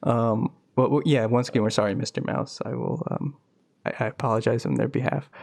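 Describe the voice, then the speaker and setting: A young man co-hosting a casual podcast, talking in a loose, rambling way with fillers and asides. His voice sits at an ordinary middle pitch. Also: steady tone, brisk, gravelly, darkish tone. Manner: rambling, jokey, lots of fillers. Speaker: podcast co-host. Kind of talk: casual chat.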